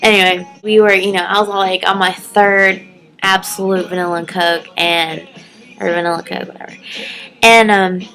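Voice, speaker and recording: A woman's voice: level tone, moderate pace, fairly bright tone, low-quality recording. A young woman telling a story in a casual vlog at home, chatty and giggly with lots of "like" and "um". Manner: chatty, giggly, lots of "like" and "um", acts out quotes in a high voice. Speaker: vlogger.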